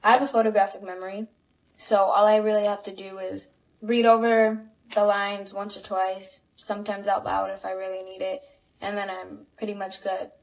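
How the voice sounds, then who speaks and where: A woman's voice: mid-range voice, little pitch movement, moderate pace, close to an everyday voice, poor audio. A woman's text-to-speech voice playing a young actress who chats and gives friendly advice to a fan. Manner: chatty, giving friendly advice.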